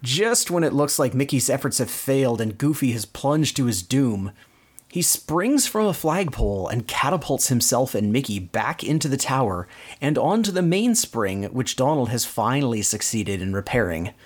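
A man's voice: medium pitch, animated, normal speed, breathy edge. A man hosting a podcast, casually recounting cartoon plots in detail. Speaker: podcast host. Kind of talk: casual cartoon recap chat.

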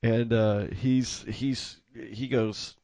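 A man telling a casual anecdote in an animated, self-amused way, acting out the dialogue. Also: medium pitch, very slow, no echo.

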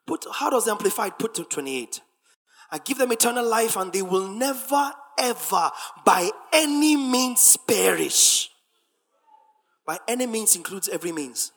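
A husky, forceful preacher whose pitch leaps and falls with every phrase, swinging between hushed asides and shouted, chanting refrains. The voice rings out through the long reverb of a large hall. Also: expressive, normal speed. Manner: emphatic, repetitive, swings from soft asides to shouted sing-song refrains. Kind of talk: sermon.

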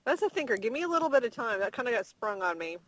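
A woman's voice: fairly high pitch, big pitch swings, rapid-fire, dry recording, low-quality recording. A woman joining a casual podcast chat while driving, thinking aloud and hesitating as she answers. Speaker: guest, host's wife. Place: in a car, driving.

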